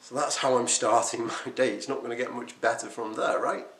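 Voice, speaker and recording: Animated man in an echoey room. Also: mid-range voice, brisk. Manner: animated, emphatic, self-deprecating. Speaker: quit-smoking coach and vlogger. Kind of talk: unscripted talk to camera.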